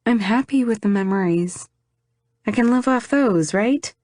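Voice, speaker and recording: A woman's voice: a little high, measured pace, a little mellow, dry recording, voice pushed up. A grieving, stubborn young woman, as a female audiobook narrator puts her on, pleading and emotional. The storybook voice is close and dry, with no room sound. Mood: wistful.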